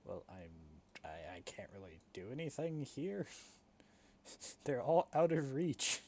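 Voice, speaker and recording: A man's voice: medium pitch, big pitch swings, slow, darkish tone. A man playing a tabletop game, thinking aloud about his turn in a casual, self-deprecating way. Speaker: player.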